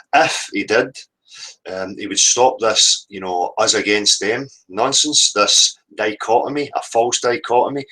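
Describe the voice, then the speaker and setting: On a heated livestream, a combative, sweary male host rants and keeps asking "right?" His fairly low, husky voice sounds pushed and bright, and the recording is rough.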